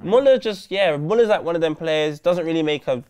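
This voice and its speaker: A young man, co-hosting a casual football chat show with animated, jokey banter. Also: on the high side, fairly quick, crowd noise. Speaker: co-host. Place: indoor studio seated on chairs.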